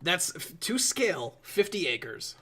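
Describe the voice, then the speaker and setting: A man's voice: a little high, sing-song, takes it slowly, pushed and bright, husky. A man chatting casually to his viewers while building in a game, rambling and swearing as he goes. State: yawning a lot. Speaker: live streamer. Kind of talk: casual live-stream commentary while building.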